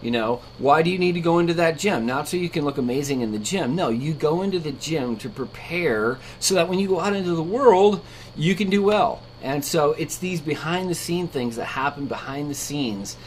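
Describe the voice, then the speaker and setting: A man's voice: a little high, lively intonation, normal speed, slight background noise. A man hosting a casual devotional vlog from his art studio, talking conversationally and piling up repeated phrases. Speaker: ministry vlogger and Bible teacher.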